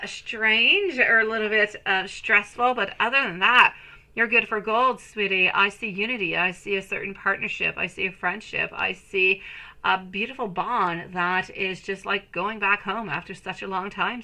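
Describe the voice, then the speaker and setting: A woman in her thirties hosts a live tarot reading, rambling warmly between cards and viewer greetings. Her voice is bright and ringing at a middle pitch, and she keeps calling her viewers sweetie and my love. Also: rough recording. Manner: chatty, rambling. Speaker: tarot reader.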